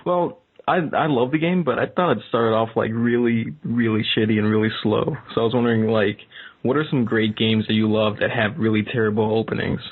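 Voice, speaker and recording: A man calling in to a gaming show who talks in a relaxed, casual way with mild swearing. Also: lowish voice, fairly quick. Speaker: caller. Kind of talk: casual call-in chat. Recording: tinny phone line.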